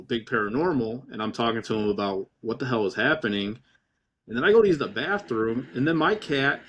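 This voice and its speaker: Man, podcast host, mid pitch, rambling recap, casual. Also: a little hiss or hum. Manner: storytelling, running recap. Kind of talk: casual chat.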